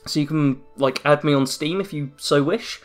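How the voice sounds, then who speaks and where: A man's voice: fairly high pitch, moderate pace, soft background music. A young man hosting a casual end-of-year channel update from a dim room at home, rambling with self-mocking jokes. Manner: rambling, self-deprecating, jokey asides. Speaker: YouTube channel host. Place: dim room at home after a work shift.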